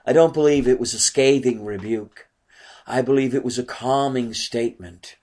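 Male preacher, mid-pitched voice, earnest sermon delivery full of rhetorical questions. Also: moderate pace, darkish tone.

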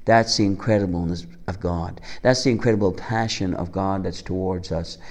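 A man's voice: medium pitch, a little mellow. A man preaching a sermon, earnest and asking the congregation rhetorical questions.

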